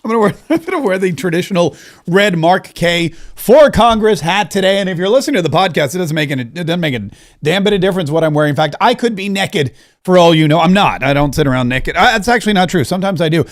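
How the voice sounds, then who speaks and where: A man's voice: sits high, animated, fast. A middle-aged man hosting a political podcast, talking in a joking, sarcastic, digressive way. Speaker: podcast host.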